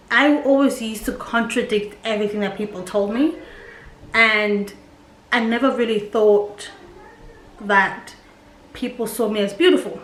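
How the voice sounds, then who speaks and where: A woman's voice: a little high, moderate pace, a bit bright. A young adult woman, a mother vlogging at home, talking candidly and chattily in a casual style. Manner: candid and chatty, with quoted voices. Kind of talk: casual personal vlog talk. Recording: echoey room with faint hum.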